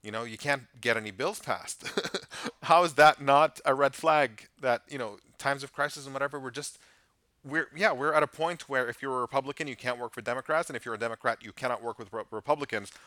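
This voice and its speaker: A man's voice: mid-range voice, pushed and bright, no echo. A man as a podcast guest, talking earnestly and at length in a casual conversation. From United States. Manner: earnest, measured, speaks in long reflective stretches.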